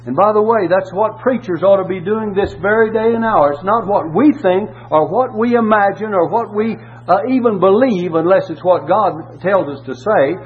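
A man's voice: high voice, normal speed, hardly any pauses. A man preaching a sermon and reading scripture, emphatic, repeating key words and asking rhetorical questions. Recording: tinny phone-like audio with faint hum.

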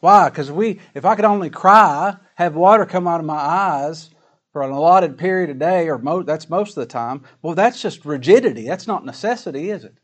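Folksy man preaching a slow-read sermon. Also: fairly high pitch, expressive, fairly bright tone. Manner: folksy preaching, rhetorical questions, slow emphatic scripture reading. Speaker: pastor.

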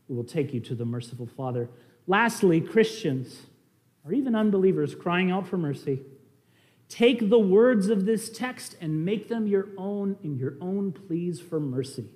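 High-voiced impassioned male preacher. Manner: impassioned, swinging from raised emphasis to quiet pleading. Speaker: pastor. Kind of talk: sermon.

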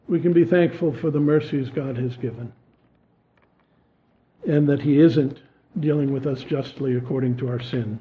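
A man's voice: fairly even intonation, moderate pace, pauses often. Earnest preacher man, tinny sound. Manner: earnest, rising to emphatic questions then dropping low. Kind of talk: sermon.

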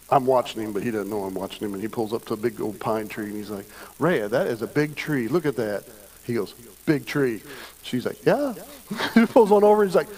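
A male pastor delivering a midweek sermon, telling folksy stories as he teaches. His voice sits slightly high and moves all over the place, rising and dropping as he acts out little scenes. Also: rough recording. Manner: storytelling, folksy and animated.

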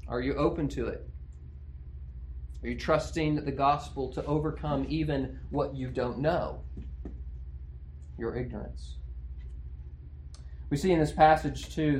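A man's voice: mid-range voice, slight background noise. A male pastor preaching an expository sermon in a conversational way, often checking in with his listeners through rhetorical questions.

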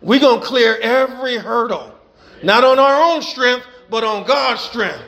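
A high-pitched male pastor preaching, his voice gravelly and rough. He drives his points home through repetition and emphatic call-outs to the congregation. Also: measured pace, pushed and bright. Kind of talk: sermon.

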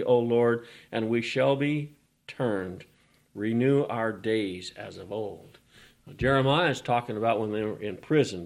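Slow, fervent male preacher. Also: mid-range voice. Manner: swells from hushed to loud, repeating phrases. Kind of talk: sermon.

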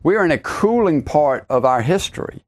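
An emphatic middle-aged man delivering a podcast sermon in a slightly higher-than-usual voice. He hammers points home by repeating lines and climbs in pitch when he exclaims. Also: sing-song, moderate pace. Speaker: preacher.

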